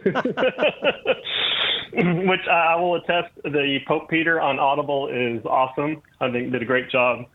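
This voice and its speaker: A man calling in to a radio show, friendly and halting, with many fillers. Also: fairly high pitch. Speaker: caller. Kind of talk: casual phone call. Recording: tinny phone line.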